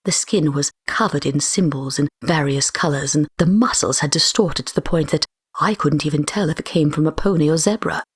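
A woman narrating a first-person fan story in a steady storytelling manner. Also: sits low, brisk, few pauses, husky, no room sound, clean studio sound. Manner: steady storytelling, raising her voice for shouted lines. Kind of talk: first-person fiction reading.

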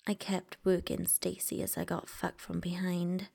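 Slow, whispering woman with a gravelly edge. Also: lowish voice, monotone. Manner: soft, intimate, mostly whispered delivery. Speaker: storyteller. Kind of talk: whispered story narration.

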